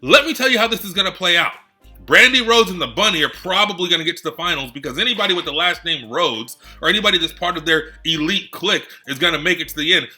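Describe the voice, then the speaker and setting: Fired-up male wrestling ranter, bright voice. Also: high-pitched, expressive, fast talker, faint music behind. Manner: sarcastic, rhetorical questions, frustrated. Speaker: host of a wrestling rant segment. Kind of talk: heated rant to camera.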